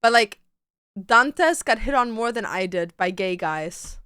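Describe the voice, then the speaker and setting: A high-pitched woman with a bright, crisp voice chats casually as a streamer, her showing. She talks slowly and playfully, her pitch leaping around as she exclaims. The sound is dry and close. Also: expressive, dry recording. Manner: playful, exclaims and sings nonsense words. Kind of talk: casual chat while getting ready.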